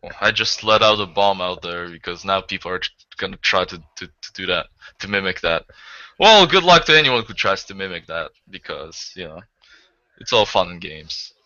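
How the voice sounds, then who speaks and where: A man's voice: low-pitched, animated, normal speed, bright, forceful tone, dry recording, lo-fi sound. A man rambling and joking in a casual online group chat, laughing often.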